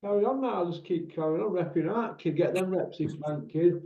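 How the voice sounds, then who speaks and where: A man's voice: sits high, brisk. A man hosting a casual chat, full of teasing, laddish banter. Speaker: host. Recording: roomy, dull lo-fi sound.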